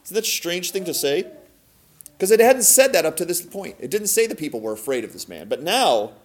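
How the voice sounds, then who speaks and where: A man with a slightly high voice gives a casual Bible teaching as a podcast host. He talks to his listeners directly, tosses them rhetorical questions and leans hard on key words before dropping quiet again. His delivery stays lively and conversational. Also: fairly quick. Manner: emphatic, swings between loud and soft.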